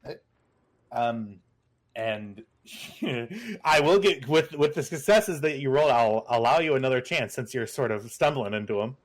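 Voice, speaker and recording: A man narrating as game master, halting and full of fillers, laughing easily as he rules on the players' moves. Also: mid-range voice, expressive. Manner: hesitant, many fillers and restarts, laughs easily.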